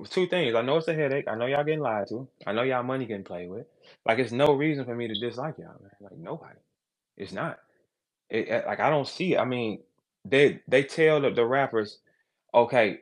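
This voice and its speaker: A man hosting a live audio call, trash-talking loudly and then turning low and calm. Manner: loud, brash trash talk, swings to low calm. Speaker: battle rap host.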